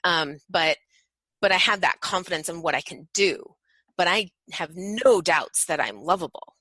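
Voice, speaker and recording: A woman guest speaks on a podcast about parenting, acting out playful voices as she tells her stories. Her tone is bright and forward, and the recording is dry and close. She talks in an animated way. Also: fairly low pitch, normal speed, husky, no echo, low-quality recording. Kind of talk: podcast interview.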